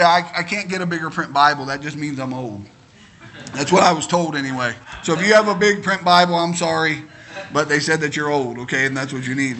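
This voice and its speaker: A man's voice: fairly high pitch, bright, forceful tone. A middle-aged male pastor preaching a sermon, telling homey stories that build into fervent preaching.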